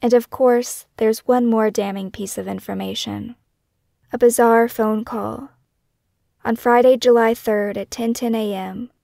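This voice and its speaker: A woman narrating her own scripted true-crime podcast in a measured, questioning, somber way. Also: mid-range voice, creaky, a little mellow, no room sound, clean studio sound.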